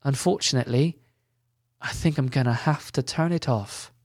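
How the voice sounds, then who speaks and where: A man's voice: medium pitch, moderate pace, darkish tone, no echo, clean studio sound, natural voice. A man doing a bossy, boisterous elf general. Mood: resolute. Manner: commanding, teasing.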